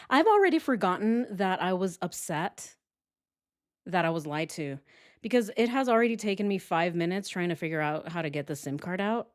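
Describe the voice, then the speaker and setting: Her voice sits fairly low as she hosts a true crime channel, walking through a case in a relaxed livestream style. She's animated and chatty, tossing in quick laughs and offhand curses.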